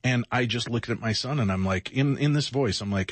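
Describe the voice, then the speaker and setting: Husky, worn-out middle-aged radio host. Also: male voice, mid-range voice, brisk, hardly any pauses, dry recording. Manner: rambling, reflective, self-mocking. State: exhausted, sleepless. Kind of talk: candid late-night radio chat.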